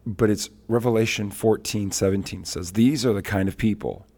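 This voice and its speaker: Man, middle-aged, low-pitched, evangelist, animated storyteller, faith talk show. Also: moderate pace. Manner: animated storyteller, acts out quotes. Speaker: traveling worship leader and evangelist.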